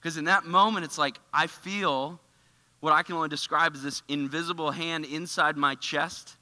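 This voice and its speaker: A man giving a casual, animated storytelling sermon in a church, full of filler words. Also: fairly high pitch, normal speed, long reverb tail. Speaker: church speaker. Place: church auditorium.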